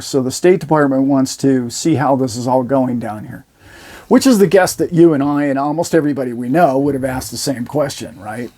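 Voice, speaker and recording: A man's voice: medium pitch, fairly quick. A man casually telling his viewers a story, acting out the quoted lines of the people in it. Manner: animated retelling, acting out quoted dialogue. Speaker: host.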